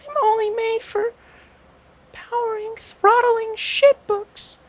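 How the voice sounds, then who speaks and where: Brief: tiny frail laptop charger, timid thing, high whiny pleading voice. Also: male voice, little pitch movement, slow, full character voice. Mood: whimpering.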